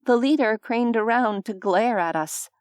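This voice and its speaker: A woman reading a first-person audiobook with wry, even storytelling. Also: on the high side, measured pace, clean tone, dry recording, clean studio sound. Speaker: audiobook narrator. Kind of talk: scripted first-person narration.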